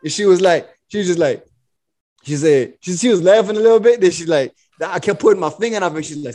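A man, co-hosting a casual podcast and telling an animated story, switching into a slow, bossy voice when he quotes himself. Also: high-pitched. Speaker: podcast co-host.

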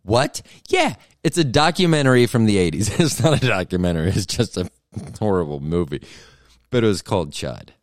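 A man's voice: on the low side, lively intonation, brisk, no room sound, clean studio sound. A middle-aged man hosting a podcast, telling a rambling comedic story that keeps interrupting itself. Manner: meandering, self-interrupting storytelling. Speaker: podcast host.

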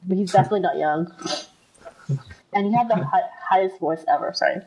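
A woman's voice: on the low side, fairly quick, slightly rough, muffled recording. A young woman from the United States co-hosting a podcast, telling a story in a chatty way and acting out the voices of the people in it. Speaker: podcast co-host. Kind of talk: casual chat. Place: room at home.

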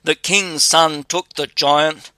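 Male narrator for a fairy tale, smooth and bright, recorded close and dry. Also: fairly high pitch, no room sound. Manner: measured, even storytelling delivery.

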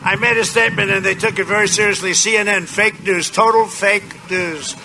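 A man's voice: high-pitched, fairly even intonation, fairly quick, creaky. A man giving a rambling, boastful campaign rally speech, repeating his phrases, outdoors. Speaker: political candidate at a campaign rally. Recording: loud outdoor noise behind.

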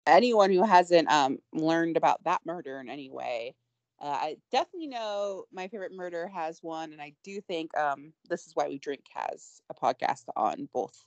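A woman's voice: low voice, expressive, normal speed, no echo, highs cut off. A woman co-hosting a podcast in casual chat, rambling and self-deprecating with frequent giggles. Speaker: podcast co-host.

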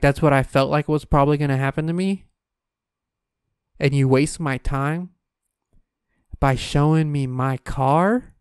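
A man's voice: a little high, darkish tone, smooth, no echo, clean studio sound. A man delivering a profane, exasperated comedic rant, exaggerating wildly. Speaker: comedic ranter.

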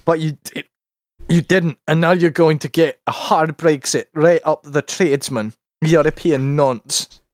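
A man's voice: on the high side, fairly even intonation, measured pace, a little mellow, dry recording, studio quality. A British man hosting a livestream, laughing often as he reads out a comic rant and the chat. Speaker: livestream host. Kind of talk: casual stream chat and comic rant reading.

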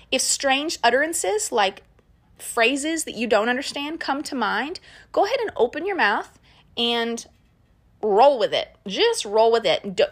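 A woman who is a mother teaches on a Christian podcast, casual, earnest and encouraging, with a conversational flow full of fillers. Her voice is on the high side and a bit bright.

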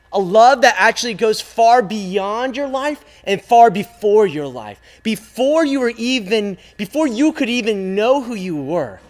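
Youth pastor, male, higher voice, emphatic repetitive preaching with pauses. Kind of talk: sermon.

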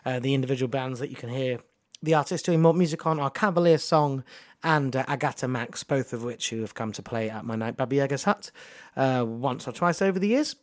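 A man co-hosting a music radio show, introducing records in a relaxed, hesitant manner. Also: medium pitch, brisk, no room sound, clean studio sound. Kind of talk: casual chat between tracks.

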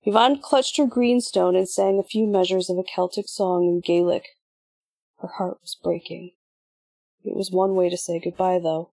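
Husky woman narrating a story. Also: lowish voice, fairly even intonation, moderate pace, a little mellow, no room sound. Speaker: audiobook narrator. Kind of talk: scripted narration.

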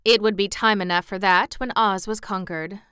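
A woman reading a children's novel aloud with lively, expressive narration. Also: medium pitch, normal speed, smooth, dry recording, studio quality.

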